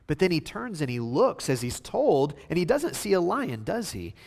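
A man preaching a sermon, swinging between hushed, slow passages and loud, emphatic outbursts. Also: a little high, sing-song, creaky, in a large hall. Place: church sanctuary.

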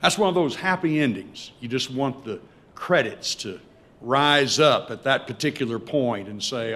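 Male preacher, sermon, dramatic storytelling, loud to hushed swings. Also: medium pitch, lively intonation, normal speed.

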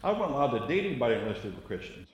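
A man's voice: mid-range voice, very fast, long reverb tail, dull audio, slight background noise. A man leading a church Bible study, telling stories and laughing often as he teaches. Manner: animated, storytelling, laughs often.

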